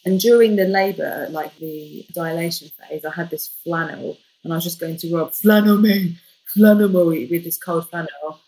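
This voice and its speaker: A woman, a podcast guest, telling a personal story in a lively, jokey way. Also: sits low, moderate pace, few pauses, low-quality recording. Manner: lively, jokey, animated retelling. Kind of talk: casual storytelling.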